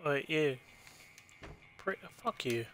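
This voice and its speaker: A man's voice: on the high side, animated, slow pace, a bit bright, soft background music. A man casually commentating his own gameplay on a stream, thinking aloud and swearing freely. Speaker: game streamer.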